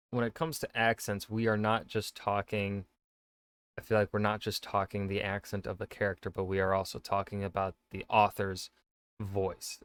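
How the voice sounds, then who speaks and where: A man's voice: lowish voice, a bit bright, clean tone, no room sound. A man, an author, reacting to a video in casual commentary, thinking aloud with many fillers and restarts.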